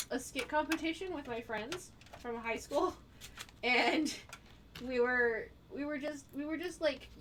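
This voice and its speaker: A woman's voice: sits high, noisy background. A woman co-hosting a live stream, telling a story in casual chat and acting out the quotes with lots of energy. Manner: animated, acts out quotes, gets loud when excited. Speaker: stream co-host.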